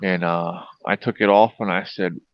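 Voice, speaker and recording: Low-voiced rambling storyteller man. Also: steady tone, normal speed, no echo. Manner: rambling, profane, anecdotal. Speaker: host. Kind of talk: casual storytelling chat. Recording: dull lo-fi sound, dry.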